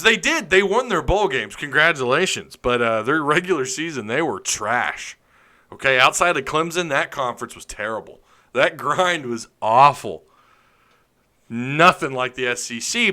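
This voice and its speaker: A man hosting a live sports podcast, ranting loudly with opinions and jokes, laughing often as he reads viewer comments. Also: mid-range voice. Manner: loud, opinionated, joking rants with frequent laughs. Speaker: podcast host. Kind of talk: live-stream sports chat reading comments.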